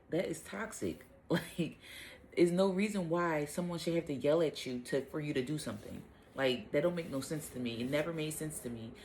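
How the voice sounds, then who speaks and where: A woman's voice: a bass voice, slight background noise. Casual woman sharing faith thoughts. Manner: conversational, with fillers and self-corrections. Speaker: host of a Bible talk. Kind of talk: casual devotional talk.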